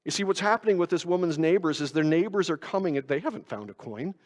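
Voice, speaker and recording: High-voiced preacher in a reverberant church. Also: male voice, expressive, fast. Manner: conversational, self-mocking preaching with rhetorical questions. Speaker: pastor. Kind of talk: sermon. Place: church sanctuary.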